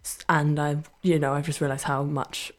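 A young woman from Brighton with a Brighton English accent, a student radio DJ chatting casually between songs, self-deprecating and laughing often. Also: deep voice, level tone, moderate pace. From Brighton, England. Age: young adult.

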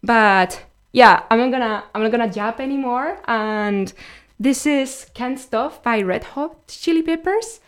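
A woman's voice: fairly high pitch, measured pace. A woman hosting a radio show, sharing science facts between songs in a loose, chatty way with many fillers and self-corrections.

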